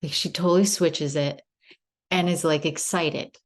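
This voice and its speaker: A woman's voice: sits low, steady tone, measured pace. A woman in her thirties candidly sharing a personal story in a casual spiritual group chat on a video call, rambling and self-reflective.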